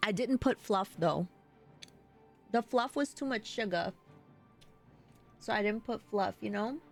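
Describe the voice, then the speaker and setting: A woman's voice: medium pitch, a little slow, faint music behind. A woman with a New York accent, chatting casually with her live-stream viewers and laughing often as she answers them.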